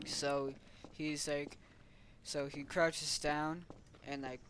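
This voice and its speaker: A young man retells a story slowly and loosely, padding it with "like" and restarts. His voice sits a little high, and a steady noise runs under the recording. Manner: rambling, full of "like" and restarts. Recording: noisy home recording.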